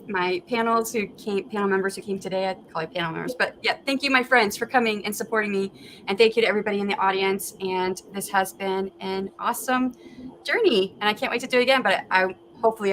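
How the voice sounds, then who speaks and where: A woman's voice: medium pitch, quick pace, fairly bright tone, a little hiss or hum. A woman hosting a live video-call stream, chatting casually and laughing easily. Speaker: livestream host. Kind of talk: casual chat.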